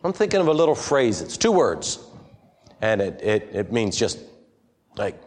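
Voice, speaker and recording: A man's voice: fairly low pitch, sing-song, moderate pace, darkish tone. A man preaching an interactive sermon to a congregation, asking them questions and reading scripture aloud. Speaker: pastor.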